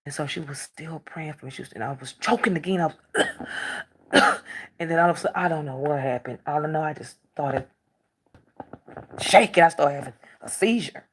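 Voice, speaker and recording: A woman vlogger telling a personal story to camera, emotional and repeating her phrases, her voice climbing high when upset. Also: brisk, pauses often, slightly rough.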